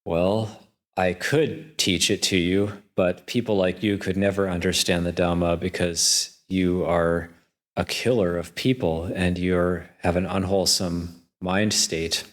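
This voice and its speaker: A man's voice: low voice, a little slow. A man voicing a fearless, honest young prince who speaks steadily to his captor. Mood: firm. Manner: steady, earnest.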